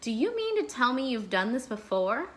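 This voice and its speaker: A woman voicing a fussy, excitable little male doughnut in a children's storybook read-aloud, prim and dramatic. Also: normal speed. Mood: indignant. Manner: high-pitched, prim and dramatic.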